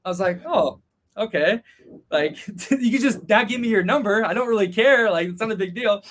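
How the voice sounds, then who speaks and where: High-voiced man telling a rowdy travel story. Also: a little fast, slight background noise. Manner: animated, acts out quoted voices, swears freely. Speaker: podcast guest. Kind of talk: casual storytelling.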